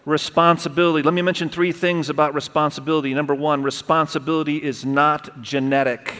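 A middle-aged male pastor preaching a sermon, animated, asking the congregation questions and speaking straight to them. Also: on the high side. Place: church auditorium. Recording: long hall reverb.

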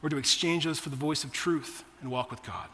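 A man's voice: on the high side, quick pace, bright, forceful tone, in a large hall. A man in his forties preaching a sermon, telling personal stories in a conversational way to his church. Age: 40s. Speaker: pastor.

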